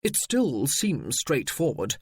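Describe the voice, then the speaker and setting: A man's voice: on the high side, big pitch swings, takes it slowly, slightly rough, no echo, heavily acted. A man voicing a curt, impatient aristocratic earl in a storybook reading. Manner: curt, dismissive.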